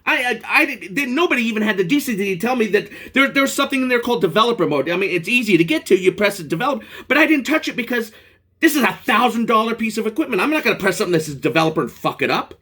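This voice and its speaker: A man rants into his camera, swearing and circling back over his points. His voice sits fairly high and jumps around a lot as he gets worked up. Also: expressive, fast, pushed and bright, breathy edge. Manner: angry, profane, rambling rant with restarts. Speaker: product reviewer. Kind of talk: ranting vlog.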